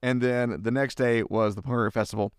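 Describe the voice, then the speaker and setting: Smooth-voiced man telling travel stories. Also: mid-range voice, fairly even intonation, brisk, dry recording, clean studio sound. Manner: enthusiastic storyteller, repeats words when searching. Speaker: podcast co-host. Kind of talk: casual chat.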